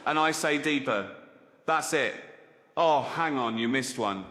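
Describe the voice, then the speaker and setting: A man's voice: medium pitch, unhurried, a crowd in the background, voice pushed up, close to an everyday voice. A man voicing a crude, chatty bloke who talks about his short arms in an insistent, giggly way. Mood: boastful, crude. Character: short-armed bloke, a crude stand-up type.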